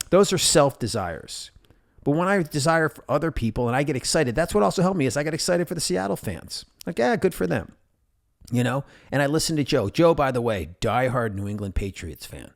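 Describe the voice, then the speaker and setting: Lively man telling stories on a podcast. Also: fairly low pitch. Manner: animated, acts out quoted voices. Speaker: podcast host. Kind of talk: casual podcast storytelling.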